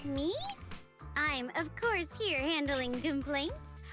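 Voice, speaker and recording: High, lively game enforcer, teasing, with music. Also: female voice, takes it slowly. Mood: breezy. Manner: chirpy, teasing. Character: breezy young woman enforcer, cheerful.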